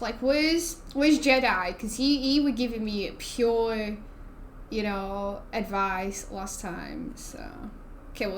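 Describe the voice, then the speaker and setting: A woman's voice: fairly high pitch, slight background noise. A young woman, chatting casually and rambling while she streams a game, laughing often. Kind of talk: casual gaming stream chat.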